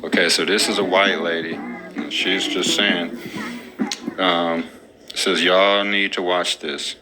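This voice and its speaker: Low-voiced male podcast co-host, slangy storyteller, music audible underneath. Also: fairly even intonation, slow pace, pushed and bright. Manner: loose storytelling with slang and profanity. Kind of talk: casual rambling talk.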